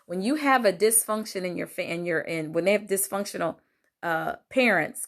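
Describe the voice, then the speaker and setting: An older grandmother hosts a casual storytelling monologue, sharing a personal story about a family fight. She's chatty and animated, full of ums and other fillers, and her pitch rises when she acts out what people said.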